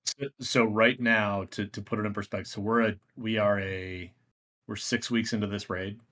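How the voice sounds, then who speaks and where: Male host, lowish voice, halting explainer, stumbles and restarts a lot. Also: steady tone, fairly bright tone. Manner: halting, repeats words and restarts while explaining. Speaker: podcast host. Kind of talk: casual chat.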